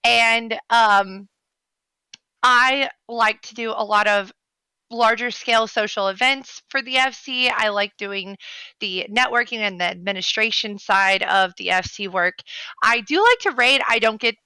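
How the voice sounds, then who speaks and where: A woman's voice: on the high side, unhurried, sharp tone, clear, resonant tone, no room sound, rough recording. A woman hosting an online gaming guild meeting, chatty and upbeat, introducing herself on a voice call. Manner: chatty, upbeat, self-correcting. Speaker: free company leader hosting a meeting. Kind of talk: casual group call.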